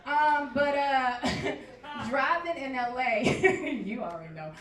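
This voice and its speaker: A woman performing a stand-up set, telling her stories in a brash, loud way with big swings in volume. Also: sits high, animated, slow, distant mic, crowd noise. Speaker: stand-up comedian. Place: bar comedy stage before a live crowd. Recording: echoey bar room recorded from afar.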